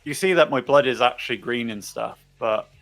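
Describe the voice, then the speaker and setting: A man's voice: medium pitch, a little fast, vocal fry, fairly bright tone. A man playing in a tabletop game, casually describing his character's actions with plenty of fillers. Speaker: player.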